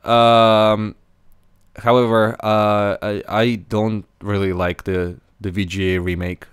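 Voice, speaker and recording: A man's voice: fairly low pitch, level tone, slow pace, clean tone, dry recording, studio quality. A man hosting a casual podcast discussion, talking with many fillers and restarts. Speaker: podcast host.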